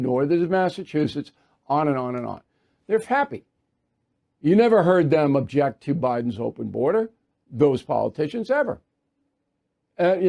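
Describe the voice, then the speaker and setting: Male commentator, mid-high voice with a dark, mellow tone; emphatic, repetitive opinion delivery. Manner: emphatic, repetitive, sarcastic asides. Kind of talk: opinion monologue.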